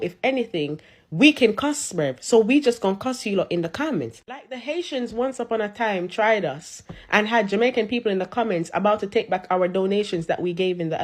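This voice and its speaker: A woman's voice: medium pitch, darkish tone. A woman ranting on social media, sassy, mocking and sarcastic. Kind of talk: roasting rant.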